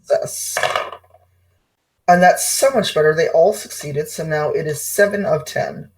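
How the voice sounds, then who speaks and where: A woman playing a tabletop role-playing game, talking in an unhurried, hesitant way and speaking in character. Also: sits low. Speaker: player. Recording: distant mic.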